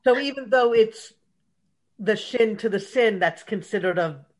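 A man's voice: high voice, unhurried. A man attending a class, asking the teacher questions in a hesitant way. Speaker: class participant.

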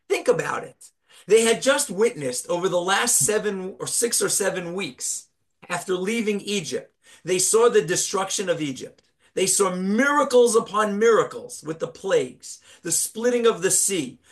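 High-voiced man teaching Torah. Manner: animated storytelling, rhetorical questions. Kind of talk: Torah class.

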